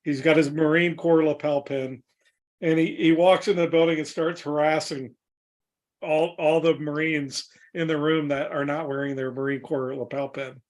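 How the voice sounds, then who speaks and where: A man's voice: on the high side, level tone, moderate pace. A man who is an Air Force veteran and hosts the show, talking casually with lots of restarts. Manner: rambling, many restarts. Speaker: host, veterans group founder. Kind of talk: casual chat.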